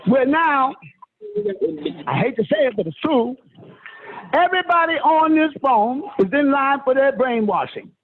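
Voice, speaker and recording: A man with a notably high voice preaches a long, emphatic lecture, pitching his words up and down and calling listeners honey and sister. He comes through a thin, phone-like line with a faint hiss behind him. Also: lively intonation, measured pace, pauses often. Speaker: self-styled spiritual teacher.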